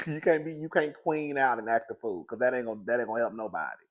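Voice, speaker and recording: A man hosting a casual pop-culture commentary show, animated and dramatic, calling everyone "girl" and laughing often. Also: medium pitch, quick pace.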